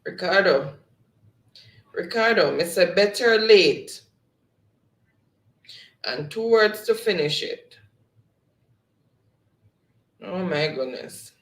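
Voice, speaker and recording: Slow, high-voiced man hosting. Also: lively intonation, fairly bright tone, echoey room. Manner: reads out players' chat answers, laughing often. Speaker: game show host. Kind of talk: live-stream quiz hosting.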